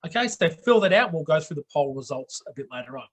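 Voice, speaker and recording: Aussie bloke hosting a live online show, slightly high voice, keeps saying okay. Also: male voice, expressive, quick pace. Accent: Australian. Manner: blokey, repeats "okay?" for emphasis. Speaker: host.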